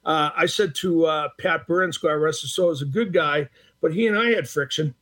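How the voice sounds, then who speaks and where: A man's voice: a little high, moderate pace, bright, forceful tone. A man from the Boston area telling anecdotes in a casual interview, acting out quoted exchanges between filler-laden restarts. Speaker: retired hockey referee, guest.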